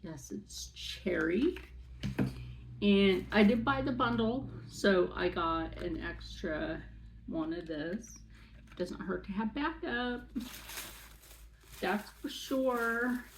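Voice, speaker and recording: A woman chatting through a makeup unboxing, excitable and rambling, with many asides. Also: medium pitch, takes it slowly, vocal fry, long pauses, noisy background. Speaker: beauty vlogger. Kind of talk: casual unboxing chat.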